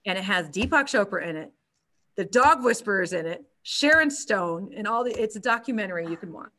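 A woman yoga instructor telling a story in a casual interview, chatty and animated with many restarts. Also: medium pitch, a little fast.

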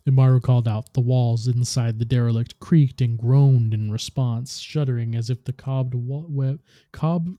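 A man reads a story aloud with steady, expressive narration. His voice is very dark and mellow, and the recording sounds dry and close. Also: medium pitch, dry recording. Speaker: podcast host. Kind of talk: dramatic story reading.

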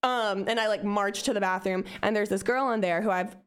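A woman's voice: mid-range voice, steady tone, fairly quick, clean tone. A young woman telling a rambling, profane anecdote in a casual way, full of "like" and "um". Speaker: storyteller.

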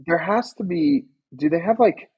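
A young man with a husky, slightly raspy voice co-hosts a casual podcast. He keeps asking questions in disbelief. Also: on the high side, moderate pace, a little mellow, dull audio. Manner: incredulous, questioning. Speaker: podcast co-host. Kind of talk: casual chat.

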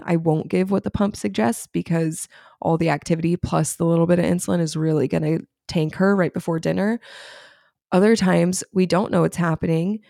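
Woman, 30s, podcast co-host, gravelly, chatty storyteller, dry close sound. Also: lowish voice, dark tone, no echo. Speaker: parent of a child with diabetes. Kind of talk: casual chat.

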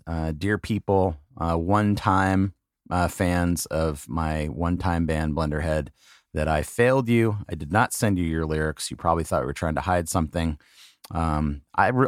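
Low-voiced man, halting and apologetic. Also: no room sound, studio quality. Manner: halting, apologetic, self-deprecating; reads names slowly one by one. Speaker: podcast host. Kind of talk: casual solo monologue.

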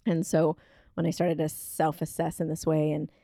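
A woman with a low, gravelly voice co-hosts a casual podcast talk. She thinks out loud, pausing on fillers as she works through her point. The sound is dark and dry. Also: little pitch movement, dry recording. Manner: thoughtful, rambling with many fillers. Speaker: podcast co-host. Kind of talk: casual conversational chat. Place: kitchen table.

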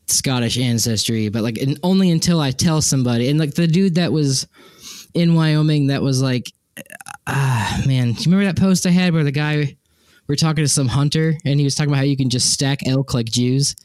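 A young man co-hosts a podcast in loose, rambling casual chat, tripping over fillers and restarting his thoughts. His voice sits at an ordinary middle pitch. The sound is dry and close to the mic. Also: a little fast, darkish tone, no echo. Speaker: podcast co-host.

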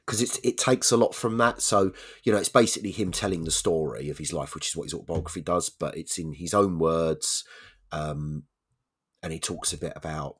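A man's voice: rumbling low, fairly quick, a bit bright, husky. A man, a podcast co-host chatting casually and rambling. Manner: rambling, many fillers and restarts. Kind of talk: casual chat.

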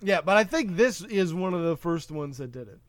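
A man's voice: a little high, animated, moderate pace, a crowd in the background. A man hosting a podcast, recapping a film in a rambling, casual way with lots of fillers and asides. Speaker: podcast host. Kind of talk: casual movie recap chat.

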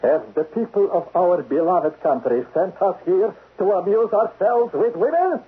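Cold foreign spymaster, husky, high lively pitch, lo-fi radio sound. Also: male voice, measured pace, full character voice. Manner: clipped, coldly menacing. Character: cold menacing male foreign spy chief. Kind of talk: 1970s radio drama acting. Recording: dull lo-fi radio broadcast.

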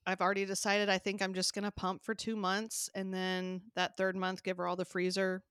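A woman's voice: medium pitch, monotone, moderate pace, a bit bright, clear, resonant tone, no room sound, studio quality. A woman in her thirties co-hosting a podcast, chatting casually, laughing often and filling her talk with "like.". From American South. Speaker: podcast co-host. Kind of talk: casual chat.

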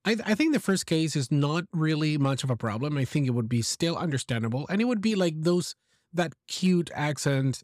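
With a fairly high, somewhat dark voice, this man hosts an English lesson as a teacher and podcaster. He encourages a listener about their message and walks through pronunciation using examples, in a dry, studio-quality recording.

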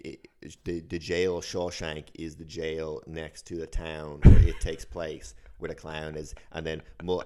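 A man co-hosting a podcast, rambling through a casual explanation with halting restarts. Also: rumbling low. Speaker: podcast co-host. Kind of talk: casual banter.

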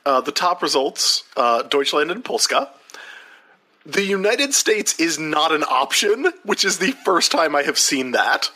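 An excitable man co-hosting a casual snack-review chat. His voice sits a bit high, with a bright edge. His pitch moves up and down a lot as he talks. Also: unhurried. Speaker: podcast co-host.

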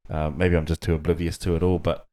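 Deep-voiced New Zealand man chatting. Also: quick pace. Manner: relaxed, laughs often, hesitant with many ums. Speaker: podcast host. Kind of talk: casual chat.

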